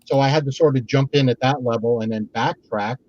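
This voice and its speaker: A man's voice: brisk, no room sound, lo-fi sound. A man in a casual video-call chat, telling a long story and acting out other people's words in a livelier voice. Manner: animated, acts out quoted people in higher voices. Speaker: guest magician.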